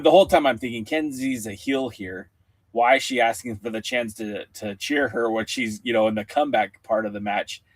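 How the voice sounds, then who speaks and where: A man's voice: medium pitch, fairly bright tone, no echo. A man co-hosting a podcast over a video call, talking casually with lots of fillers and restarts. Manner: rambling, many fillers and restarts. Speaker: podcast co-host. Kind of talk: casual chat.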